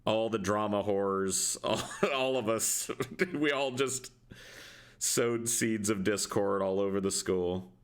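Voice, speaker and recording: Deep-voiced male podcast co-host, crude, rambling storyteller. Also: takes it slowly, clear, resonant tone. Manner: profane, rambling, laughs often. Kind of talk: casual storytelling.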